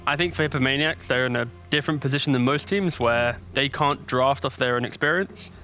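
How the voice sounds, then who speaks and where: Bright-voiced esports analyst man. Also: mid-range voice, brisk, soft background music. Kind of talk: live esports desk analysis.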